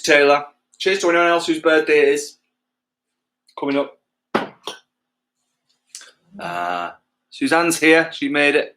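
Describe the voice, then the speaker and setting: Hosting a livestream gig, an English touring musician chats loosely with viewers between songs, drifting off track, swearing casually, and poking fun at himself. He speaks in a sharp-toned voice that's on the high side.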